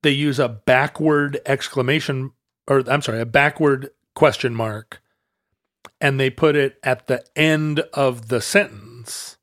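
Guy thinking out loud on a podcast, keeps restarting sentences, dry sound. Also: mid-range voice, fairly even intonation, a little slow, no echo. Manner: musing, trails off and restarts mid-thought. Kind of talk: casual chat.

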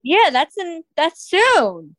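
A woman's voice: extremely high pitch, wildly swooping pitch, fairly bright tone, no room sound. Sassy woman co-hosting a podcast. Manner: sassy, teasing, quick reactions. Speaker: podcast co-host. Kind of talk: casual podcast chat.

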